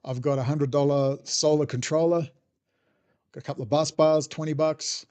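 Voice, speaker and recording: A man's voice: a little high, fairly even intonation, normal speed, darkish tone. A man ranting sarcastically in a monologue as podcast host. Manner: irreverent, sarcastic, mocking voices.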